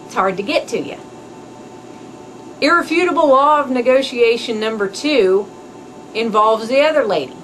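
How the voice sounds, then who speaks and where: A woman hosting a podcast, telling a story in a chatty, animated way with asides. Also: a little high, moderate pace, pauses often, slight background noise, rough recording. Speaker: podcast host. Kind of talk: casual storytelling monologue.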